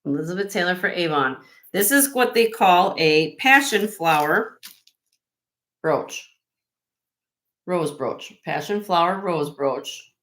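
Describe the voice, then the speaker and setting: A woman's voice: fairly low pitch, expressive, slow, long pauses, fairly bright tone, low-quality recording. Chatty Midwestern woman gushing over jewelry. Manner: chatty and effusive, gushing over each piece. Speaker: host selling vintage jewelry on a live stream. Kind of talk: live-stream sales chat.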